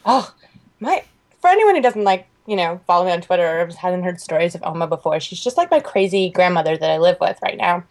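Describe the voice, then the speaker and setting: A young woman co-hosting a podcast. She tells a story in an animated, chatty way and fills it with "like.". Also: fairly low pitch, a little fast. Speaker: podcast co-host. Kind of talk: casual chat.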